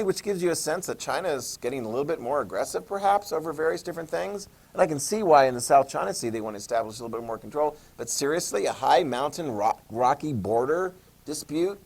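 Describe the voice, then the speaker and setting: A man lectures a history class with a slightly high voice. He jokes, acts out little scenes, and keeps checking in with the students. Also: animated, quick pace, creaky, hardly any pauses, a little mellow. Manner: jokey, asks the class questions, "okay?" checks. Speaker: history teacher.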